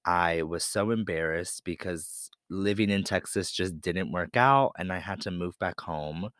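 A man from Pennsylvania speaks slowly and deliberately in a low voice, telling a personal story as a podcast host. He is candid and confessional, and the recording is dry and close with no room sound. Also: fairly bright tone, dry recording.

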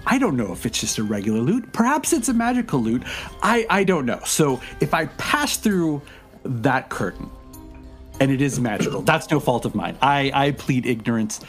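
An overly courteous bard, as a man puts him on, full of stammered apologies and long-winded questions. His pitch swings widely as he rambles. Faint music plays underneath. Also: very animated, normal speed, close to an everyday voice. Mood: fretful. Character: overly polite, wordy male bard.

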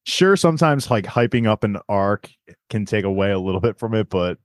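A man's voice: fairly low pitch, lively intonation, fairly quick, dry recording, clean studio sound. A man co-hosting a casual podcast, easygoing and full of fillers. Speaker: podcast co-host.

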